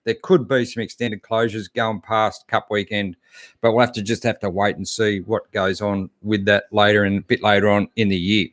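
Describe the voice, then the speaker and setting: A middle-aged Australian man hosts a live-stream chat, greeting viewers and fielding their questions in a relaxed, talkative way with lots of fillers. His voice sits fairly low with little pitch variation, moves at a normal speed, and has a slightly bright edge. The recording is dry and studio-clean.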